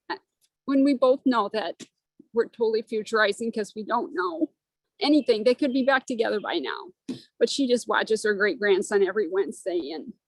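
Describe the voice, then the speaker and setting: A woman's voice: a little high, a little mellow, husky, no echo, poor audio. A woman telling a personal story on a video call in a rambling, earnest way, close to tears. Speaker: study group member.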